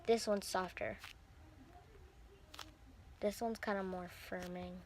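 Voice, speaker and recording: A young woman chatting casually as she unboxes squishy toys, gushing and breathy as she talks. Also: medium pitch, fairly even intonation, takes it slowly, slight background noise. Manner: gushing, breathy squeals over cute toys. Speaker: vlogger.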